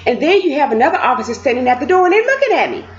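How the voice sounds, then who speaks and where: Animated woman telling a personal story. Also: high voice, racing. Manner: animated, expressive, acts out voices. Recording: dull lo-fi recording.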